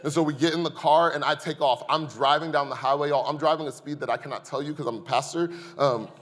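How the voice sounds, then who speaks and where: A man's voice: on the high side, fast talker. A man preaching a sermon as the church's pastor, telling a humorous personal story and joking with the congregation. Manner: lively, joking storyteller who addresses the congregation. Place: church sanctuary. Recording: long hall reverb.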